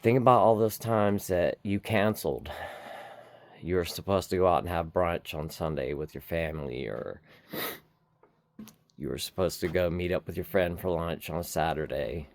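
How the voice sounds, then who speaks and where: A man's voice: deep voice, no room sound. A man giving an earnest, repetitive recovery pep talk outdoors, shivering in the cold. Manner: earnest, slow, repetitive encouragement. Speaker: recovery vlogger. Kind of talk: heartfelt motivational talk to camera.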